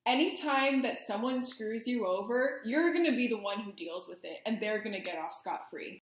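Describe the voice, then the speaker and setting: Young woman, casual astrology chat, animated, mock-indignant, high voice, echoey room. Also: moderate pace. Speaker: astrology podcast co-host. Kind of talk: casual chat, joking chart reading.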